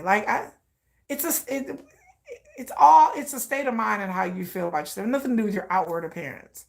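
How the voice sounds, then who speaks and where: Woman vlogging, gravelly fry, swears a lot, laughs while she talks. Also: medium pitch, expressive, fairly quick. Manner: blunt, profane, laughing asides. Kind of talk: candid personal storytelling.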